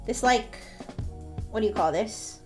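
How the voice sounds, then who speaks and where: A woman's voice: fairly high pitch, unhurried, faint music behind. A woman streamer telling a story casually to her chat while drawing, laughing often and swearing freely.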